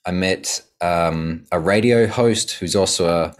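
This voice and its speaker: A man's voice: low-pitched, slow pace. A man in an earnest, reflective way telling a podcast host about his travels and work as a coach. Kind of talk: conversational storytelling.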